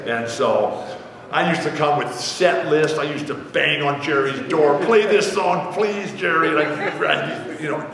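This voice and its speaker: A man in his sixties, a guest author telling rambling, animated anecdotes to a live theater audience, acting out the people he quotes. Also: a little high, recorded from a distance. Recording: echoey hall, mic heard from afar.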